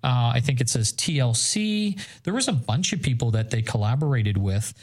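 Podcast co-host, a man from Northern Ireland, mid-pitched voice, casual and enthusiastic, rambles with ums. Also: animated, moderate pace, darkish tone. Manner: chatty, enthusiastic, rambling with fillers. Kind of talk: casual chat.

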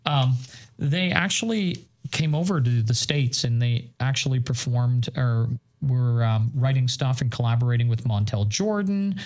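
Guy from northern ireland chatting on a podcast, medium pitch, excited and rambly, lots of ums. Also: measured pace. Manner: chatty, enthusiastic, rambling with fillers. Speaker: podcast co-host. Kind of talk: casual chat.

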